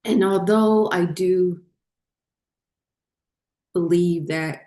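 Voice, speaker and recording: A woman's voice: sits low, fairly even intonation, slow pace, mellow, reverberant. A woman, hosting a spiritual channel and telling her own story in a casual, rambling way, with many ums and self-corrections.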